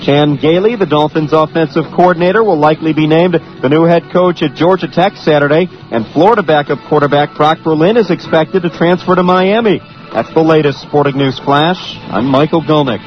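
Man reading a sports news flash. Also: fairly high pitch. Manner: brisk, even news delivery. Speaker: sports newscaster. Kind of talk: scripted news read. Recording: dull radio broadcast with faint music.

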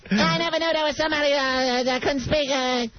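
A man doing a comic impression of a loud, excitable male sports radio host who mocks and insults in a rambling rant, heard over muffled radio audio with noise. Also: very high voice, brisk. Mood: mocking.

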